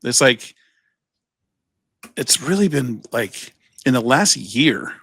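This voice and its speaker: A man's voice: mid-range voice, very animated, slow pace, gravelly, fairly bright tone, husky, no echo. Rambling man telling stories. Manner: rambling storyteller, acts out quoted voices, swears, laughs often. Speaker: podcast co-host. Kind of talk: casual chat.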